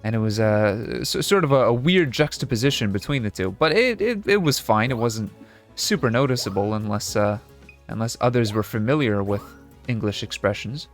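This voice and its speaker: A man's voice: mid-range voice, lively intonation, moderate pace, soft background music. A young man from Canada with a mild Canadian accent, casually rambling and self-correcting as he comments on a game he is playing. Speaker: gaming video host. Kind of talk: casual let's-play commentary.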